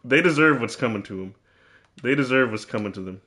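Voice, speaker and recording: Lively, bright-voiced teasing man. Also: mid-range voice, fairly quick. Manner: trash-talking, teasing, repeats himself. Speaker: gamer commentating his own play. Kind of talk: mock-serious gameplay commentary.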